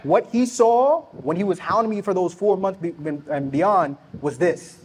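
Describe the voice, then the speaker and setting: A man's voice: high-pitched, normal speed, a little mellow, breathy edge. A man hosting a podcast live on a conference stage, speaking earnestly and hyping up the audience. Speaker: podcast host.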